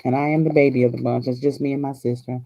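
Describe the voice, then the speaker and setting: A woman's voice: very deep voice, flat delivery, quick pace, mellow, low-quality recording. An older woman from Hawaii hosting a crafting vlog, chatting in a folksy, chatty way and laughing often. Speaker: crafting channel host.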